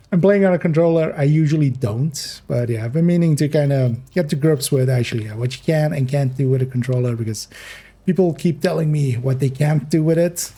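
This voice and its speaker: A man's voice: a little high, a little fast, dark tone. A man streaming a game, rambling casually as he plays, chuckling often and correcting himself mid-thought. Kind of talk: casual gameplay commentary.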